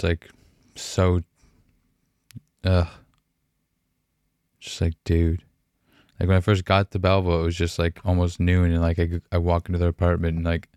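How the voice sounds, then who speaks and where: A young man from Canada hosting a podcast, talking candidly and emotionally in halting, profane speech full of fillers and restarts, with frequent sighs. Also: low-pitched, darkish tone, clear, resonant tone, no echo, studio quality. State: emotional, sighing. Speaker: podcast host.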